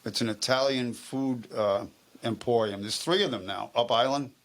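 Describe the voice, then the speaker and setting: A man's voice: mid-range voice, normal speed. A man who is a guest on a local TV talk show, telling stories in casual chat and turning insistent and heated when he argues. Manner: storytelling, gets heated and insistent when arguing. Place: local TV studio.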